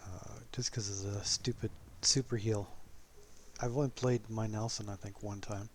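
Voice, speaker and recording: A man giving relaxed, casual commentary over his own gameplay footage, chuckling often and poking fun at himself. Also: lowish voice, normal speed, a little hiss or hum.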